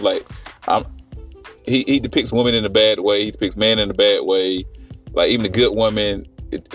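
A fairly low-voiced man, recorded from a distance, casually reviews a film on his podcast. The recap is rambling, profane and animated, with lots of fillers and restarts.

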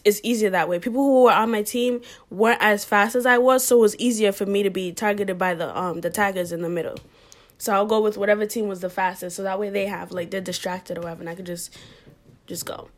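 A young woman telling a personal story in a loose, chatty way. Her voice sits at an ordinary middle pitch, and she fills her speech with "like" and "um". She laughs often and sometimes sinks nearly to a whisper. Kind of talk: casual storytelling.

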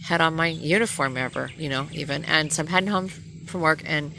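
A woman's voice: low-pitched, a little fast, vocal fry, noisy background. A middle-aged woman, a nurse, bluntly ranting and telling a story in a profane personal vlog.

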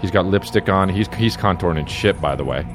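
A man's voice: low voice, a little fast, music in the background. A young man hosting a podcast, riffing profanely in casual comedic chat and jumping into silly voices. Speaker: podcast host.

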